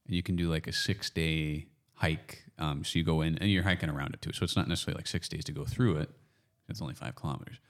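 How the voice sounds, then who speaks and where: A Canadian man hosting a podcast, chatting casually and rambling with frequent self-corrections and quick laughs. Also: very deep voice, steady tone. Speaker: podcast host. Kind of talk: casual chat.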